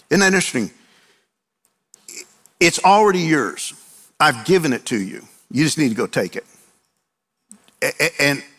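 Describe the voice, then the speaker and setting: A middle-aged male pastor preaching a sermon, animated, firing off rhetorical questions and acting out quotes. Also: mid-range voice. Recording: long reverb of a large hall.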